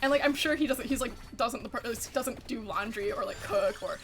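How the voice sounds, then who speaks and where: A woman's voice: a little high, fairly quick, a bit bright, faint music behind. A woman streaming a game and chatting casually with her viewers, swearing freely and laughing often. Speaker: VTuber streamer. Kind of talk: casual livestream chat while gaming.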